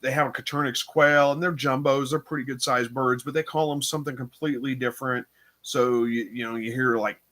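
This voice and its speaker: With a mid-range, sharp-toned voice, a weary livestream host reads out viewer comments. He yawns, sounds unsure, and rambles through his replies, thinking aloud with plenty of fillers.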